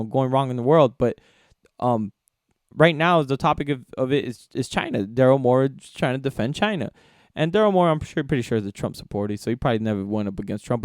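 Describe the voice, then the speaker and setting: A man's voice: mid-range voice, darkish tone, clear, resonant tone, no room sound, clean studio sound. A man hosting a solo sports podcast, ranting in a heated, profane way and repeating himself. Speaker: podcast host.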